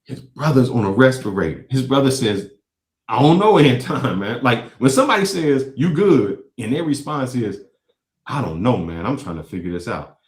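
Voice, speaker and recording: Animated man reacting to clips in an echoey room. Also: medium pitch, moderate pace. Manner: emphatic, repeats phrases for effect. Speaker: show host. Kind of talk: reaction commentary on played clips.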